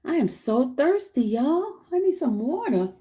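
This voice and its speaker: High, lively laughing woman streamer. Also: measured pace. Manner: laughs often, teasing and animated. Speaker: livestream host. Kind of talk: casual live-stream chat.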